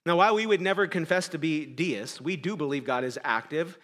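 A man preaching a sermon as a pastor in a church, conversational and self-correcting, swinging between quiet, intimate passages and loud, urgent ones. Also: a little high, fairly quick, in a large hall.

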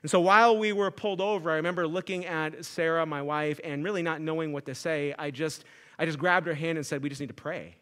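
A man's voice: a little high, steady tone, fairly quick, sharp tone. A man, a pastor, preaching an earnest sermon that builds to emphatic, fervent passages, often saying "like" as he talks.

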